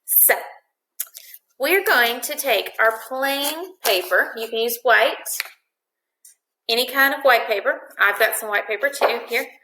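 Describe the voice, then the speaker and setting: A woman teacher walks young children through a craft project in a video lesson. Her voice sits a touch high, and every instruction comes patiently and clearly. The room around her has a noticeable echo. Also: expressive, slow, bright, forceful tone, slight background noise. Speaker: first-grade teacher. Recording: echoey room.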